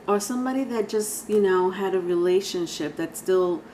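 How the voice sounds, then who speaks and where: A woman's voice: mid-range voice, normal speed, dark tone, slight background noise, rough recording. A woman giving a casual, rambling tarot reading, talking straight to viewers with sighs and laughs. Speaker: tarot reader.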